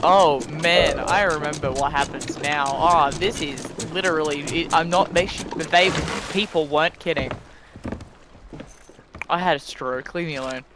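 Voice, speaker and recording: A man chatting casually over an online voice call, animated and rambling, with frequent restarts. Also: on the high side, a little slow, over music. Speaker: guest reading fan fiction aloud. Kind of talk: casual voice-chat banter. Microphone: desk mic on a voice call.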